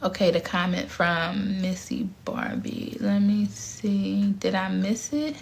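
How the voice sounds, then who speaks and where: A woman's voice: mid-range voice, big pitch swings, slow, creaky, a little hiss or hum. A woman speaking frankly and bluntly in casual talk, answering audience questions live, with some cursing.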